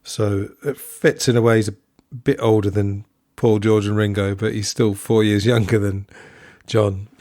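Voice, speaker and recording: A man's voice: lowish voice, little pitch movement, measured pace, darkish tone, no room sound, clean studio sound. A man hosting a solo podcast, talking in a chatty, digressive way and often correcting himself. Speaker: podcast host.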